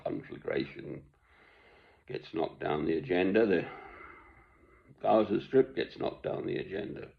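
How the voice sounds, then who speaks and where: A man's voice: deep voice, a little slow, vocal fry, pauses often. An older man giving a rambling, chuckling monologue from home, self-deprecating and meandering. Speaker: online commentator. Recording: dull lo-fi recording.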